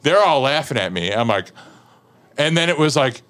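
A man's voice: medium pitch, normal speed, clear, resonant tone. A man in his thirties telling a long anecdote in casual chat, laughing often and saying "like" a lot. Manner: animated storyteller, laughs often, many "like" fillers. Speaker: podcast guest.

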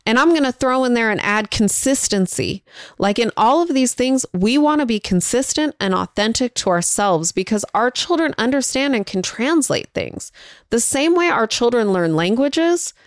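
A woman's voice: on the high side, animated, normal speed, dry recording, clean studio sound. A mother talking casually and encouragingly to viewers, sharing parenting advice in a conversational, folksy way.

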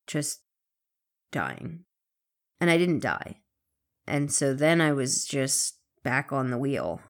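A woman frankly telling her own story, halting and candid, with occasional swearing. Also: very deep voice, big pitch swings, vocal fry. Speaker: interviewee in recovery. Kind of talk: emotional personal storytelling.

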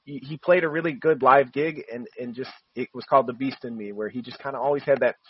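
Quick-talking husky man, comic writer. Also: medium pitch, no echo, dull audio. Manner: quick, eager, laughs often. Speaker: comic book writer, guest. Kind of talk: interview.

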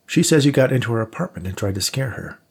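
A man reading the lines of a stern, skeptical male investigator in an audiobook, with clipped, flatly threatening speech. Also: mid-range voice, fast talker, gravelly, husky, pitched above the performer's own voice. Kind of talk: audiobook character voice.

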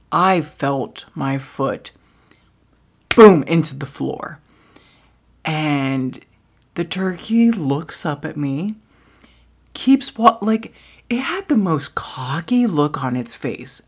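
A woman hosting a podcast, telling a comedic personal story with lots of swearing, dropping into hushed asides and jumping to loud bursts. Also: low voice, breathy edge. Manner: profane, dramatic, swings between hushed asides and loud bursts. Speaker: podcast host.

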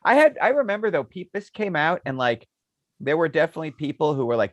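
A man's voice: fairly high pitch, fast, dry recording, muffled recording. A man co-hosting a casual podcast chat, telling stories with lots of laughter. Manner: animated storyteller, laughs often. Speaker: podcast co-host.

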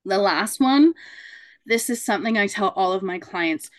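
Woman, thirties, mediator, casual talk, expressive, acts out quotes, mid pitch. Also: normal speed. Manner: animated, acts out quoted voices, laughs often. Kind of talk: casual talk to a support group.

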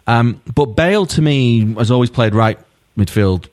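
A man's voice: medium pitch, lively intonation, normal speed, a little mellow. A man hosting a football podcast, asking his guests questions and joking around. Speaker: podcast host. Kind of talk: casual football chat.

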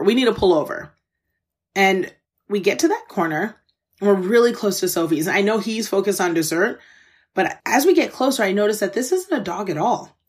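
Podcast host lady telling her own story, earnest and candid, talks right to the listeners, mid pitch. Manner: earnest and candid, openly emotional; faith-filled, conversational, addresses listeners directly. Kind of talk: personal storytelling monologue.

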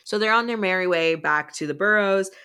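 A woman's voice: medium pitch, fairly quick, bright, forceful tone, clear, resonant tone. A woman co-hosting a podcast, casually recapping a book plot in a rambling way full of "like" and "um". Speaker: podcast co-host.

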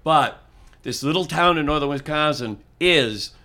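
An older man from Cleveland, a comedian and musician, telling animated stories in casual chat and acting out the people in them. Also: on the high side, a little slow. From Cleveland, USA. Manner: animated storyteller, acts out quotes.

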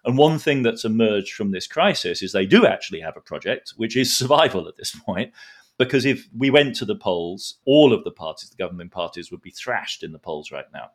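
A man's voice: lowish voice, expressive, a little fast. A man giving a detailed, explanatory analysis in a podcast discussion, drawing analogies as he goes. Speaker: expert guest.

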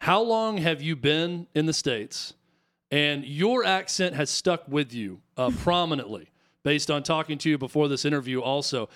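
A man's voice: on the high side, lively intonation, moderate pace, fairly bright tone. A man co-hosting a studio talk show, asking a guest long, curious questions. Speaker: co-host. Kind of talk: radio talk show interview. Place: radio studio.

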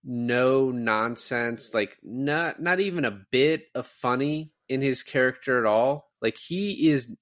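Quick-talking man arguing movies casually. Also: medium pitch, a bit bright. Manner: quick, argumentative, conversational, trails off with filler words. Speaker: podcast co-host. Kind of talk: casual movie review chat.

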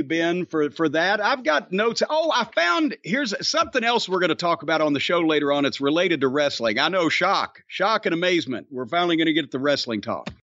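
A man hosting a podcast in casual, profane, rambling chat, his voice getting hoarse. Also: high voice, dry recording, dull audio. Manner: rambling, animated storyteller, profane. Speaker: podcast host.

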